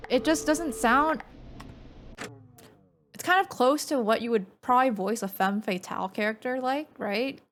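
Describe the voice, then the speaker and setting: A woman streamer giving casual gameplay commentary, rambling and chatty in a naturally low, relaxed voice. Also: moderate pace, a little hiss or hum. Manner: rambling, filler-heavy, chatty.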